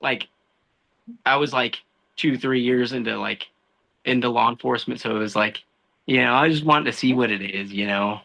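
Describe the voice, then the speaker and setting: Guest on a casual podcast: a man with a gravelly, bright voice telling animated, slangy stories. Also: medium pitch, moderate pace, dull audio. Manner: animated storytelling, says dude and bro a lot. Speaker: guest, law enforcement officer.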